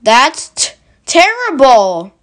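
A small, nervous piglet , voiced by a woman, frets in a slightly high voice, drawing his words out slowly. It is a gentle storybook reading. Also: wildly swooping pitch, exaggerated voice. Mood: worried. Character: small timid male piglet, easily upset.

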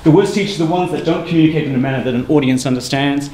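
Brisk male lecturer in an echoey room. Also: fairly high pitch, dark tone. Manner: brisk, emphatic, conversational lecturing. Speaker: university lecturer giving a seminar. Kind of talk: academic seminar talk. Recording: echoey room with faint ambient noise.

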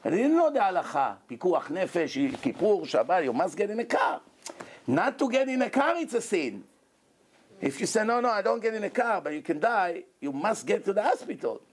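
Man, rabbi, sermon, fairly high pitched, animated delivery. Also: moderate pace, slightly rough. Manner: animated preaching with acted-out quotes.

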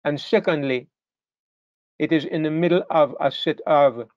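Emphatic male preacher, slightly high voice. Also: measured pace, no room sound, muffled recording. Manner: emphatic, repeats words and restarts phrases. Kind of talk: sermon.

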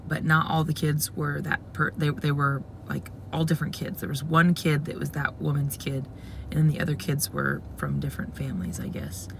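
A woman's voice: sits low, creaky, fairly bright tone, a little hiss or hum. A young woman vlogging casually, chatting in a rambling, candid way as she runs weekend errands. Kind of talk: casual vlog chat. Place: parking lot, then store.

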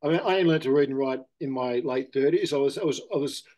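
A man's voice: mid-range voice, fast talker, a little mellow. A middle-aged Australian man in casual candid conversation, rambling and correcting himself, often saying mate. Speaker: interview guest.

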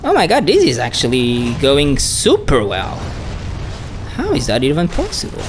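A woman gamer giving excitable let's play commentary, swearing a lot, shrieking at surprises and talking to the enemies on screen. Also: a bass voice, moderate pace, soft background music.

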